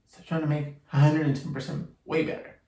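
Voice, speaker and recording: An easygoing man with a slightly higher voice chats casually beside a makeup vlogger and reads out product details. The sound bounces around an echoey room. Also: level tone, fairly quick, background noise. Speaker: co-host of a beauty vlog. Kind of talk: casual chat.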